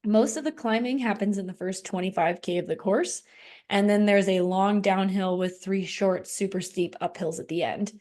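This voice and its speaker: A woman co-hosting a podcast in casual chat, relaxed, with many fillers. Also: mid-range voice, normal speed. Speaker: podcast co-host.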